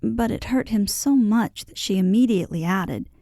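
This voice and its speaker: Woman reading a storybook aloud, dry close sound, expressive and lilting. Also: mid-range voice, moderate pace, gravelly, no echo. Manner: expressive, lilting delivery that voices the characters. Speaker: audiobook narrator. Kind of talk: scripted storybook narration.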